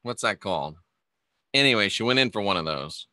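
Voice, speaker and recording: A man's voice: fairly low pitch, lively intonation, a little fast, pushed and bright, no room sound, studio quality. A man hosting a live online show in a casual, rambling way, joking and laughing as he answers viewer comments.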